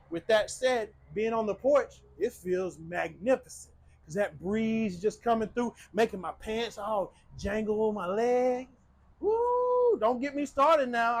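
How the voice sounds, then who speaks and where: A high-pitched man leads a walkthrough tour of a small cabin-style home. He pitches it eagerly, speaking directly to his audience as the channel's host. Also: rough recording. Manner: upbeat sales pitch, addresses viewers as ladies and gentlemen.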